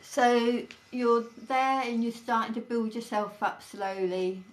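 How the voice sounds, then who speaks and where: A woman's voice: fairly high pitch, slow pace. A woman talking earnestly and reassuringly in a casual two-person chat, with many fillers. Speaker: co-host.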